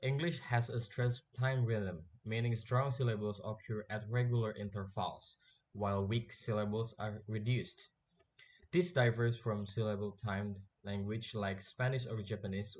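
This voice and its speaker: Young guy reading his class presentation, slow and careful, trips over words sometimes. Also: fairly low pitch, steady tone. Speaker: student presenter.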